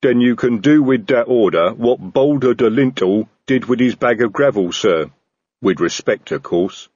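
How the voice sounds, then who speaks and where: A man voicing a blunt, slow-spoken male troll sergeant in an audiobook, gruff and low, on a slightly dull, dry recording. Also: animated, a little mellow, dry recording. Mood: stubborn.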